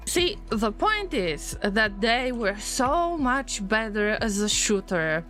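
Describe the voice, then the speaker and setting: A woman streaming a game, chatting casually with viewers, easily distracted and prone to sudden excited alarm. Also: fairly high pitch, takes it slowly, few pauses, soft background music. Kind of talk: casual live-stream gameplay commentary.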